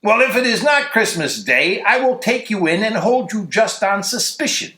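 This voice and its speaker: Male reader voicing a young street cop, sarcastic, drawling taunts, bright voice in an echoey church. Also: sits high, very animated, normal speed, pitched above the performer's own voice, heavily acted.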